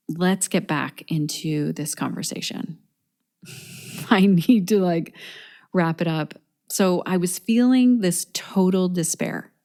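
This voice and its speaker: This is a woman who hosts a yoga teachers' podcast, and she speaks in a casual, earnest, upbeat way. Her voice is fairly low and has a warm, mellow tone. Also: creaky. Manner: earnest, upbeat, laughs between thoughts. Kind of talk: casual solo podcast talk.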